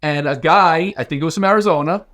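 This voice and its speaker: Male podcast co-host, rambling, restarts a lot, slightly higher voice. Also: fast, a bit bright. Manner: rambling, many restarts and fillers. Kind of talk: casual podcast chat.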